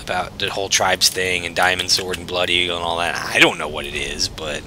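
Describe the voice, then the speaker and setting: A man's voice: low-pitched, flat delivery, a little fast, pushed and bright, slight background noise. A man casually commenting on his own gameplay as a channel host, chatty and self-mocking, swearing freely.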